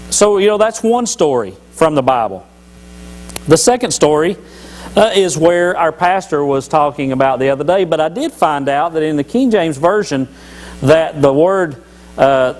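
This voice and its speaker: This lay speaker at church has a fairly high-pitched male voice, recorded in low quality. Joking and folksy, he delivers a devotional talk, retelling Bible stories and frequently restarting.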